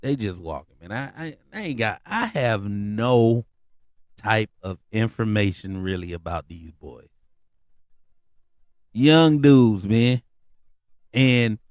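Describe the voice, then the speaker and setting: Animated, slangy man telling stories. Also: a little slow, dry recording, clean studio sound. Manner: animated, slangy storytelling with rising pitch on asides. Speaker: podcast host. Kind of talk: casual comedic monologue.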